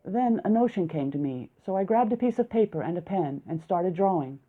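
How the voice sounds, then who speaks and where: A woman reading a translated audiobook as narrator, in a lively storytelling manner. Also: on the low side, brisk. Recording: tinny phone-like sound.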